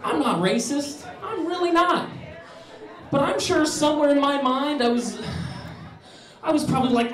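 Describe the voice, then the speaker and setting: A young man tells a stand-up story in an animated, profane way, slipping into voices for the people in it. His voice sits very high for a man. He sounds set back from the mic, with an echoey club room around him. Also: normal speed, far from the mic. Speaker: stand-up comedian.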